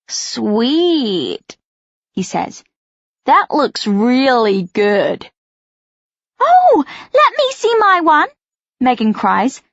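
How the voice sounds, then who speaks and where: A woman's voice: medium pitch, breathy edge, no room sound, lo-fi sound. Brief: woman narrator reading a first-person novel expressively, dry close sound. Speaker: audiobook narrator.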